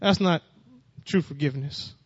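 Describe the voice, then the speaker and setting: A fairly high-voiced man preaches in a plain, unpolished way, restarting phrases and lifting his voice on scripture. The recording is dry and dull, with a muffled lo-fi sound. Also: normal speed, breathy edge, dry recording. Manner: plainspoken, repeats and restarts phrases, rises in pitch and volume when reading verses. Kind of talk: sermon reading scripture.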